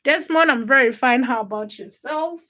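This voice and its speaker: Woman livestream host from Uganda, high bright voice, chatty and friendly, reading and answering comments from home. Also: moderate pace, slight background noise. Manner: chatty, greets viewers by name, answers comments. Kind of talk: casual livestream chat greeting viewers.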